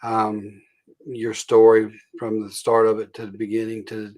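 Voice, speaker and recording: A man hosting an interview, responding calmly and reflectively with frequent affirming murmurs. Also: on the low side, a little slow. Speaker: host.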